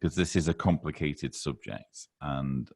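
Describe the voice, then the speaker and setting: Very deep-voiced man hosting, dry sound. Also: unhurried, creaky, a little mellow, no echo. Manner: polite, dryly sarcastic. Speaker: podcast host. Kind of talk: casual podcast chat.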